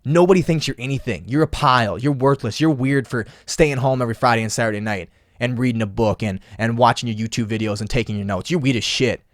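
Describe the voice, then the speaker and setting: A man voicing a brash, fickle young male roommate who flatters and then taunts in slang. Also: medium pitch, quick pace, no echo, clean studio sound, natural voice. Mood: mocking.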